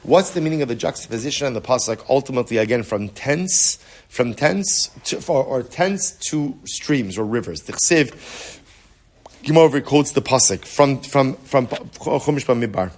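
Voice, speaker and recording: A man's voice: medium pitch, lively intonation, normal speed. A man, a rabbi, giving a casual Talmud lesson in a conversational way, often repeating words as he restarts a sentence and answering students. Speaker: rabbi teaching a Talmud class.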